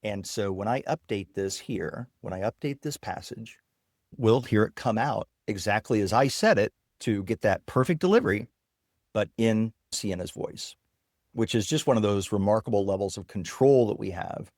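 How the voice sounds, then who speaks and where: A man with a lowish voice eagerly walks through a software demo as an interview guest. He explains things step by step in a dry, close-miked recording. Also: animated, normal speed, dry recording. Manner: enthusiastic, explanatory. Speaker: guest technologist. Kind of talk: casual interview with screen demo.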